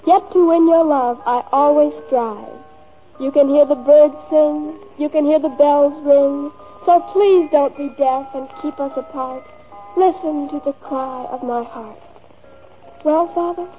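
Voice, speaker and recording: A lonely fifteen-year-old girl, dreamy and pert by turns. Her voice sits high. It comes through a thin, phone-like old film soundtrack with faint music behind. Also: measured pace. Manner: dreamy and precocious, pert when cornered.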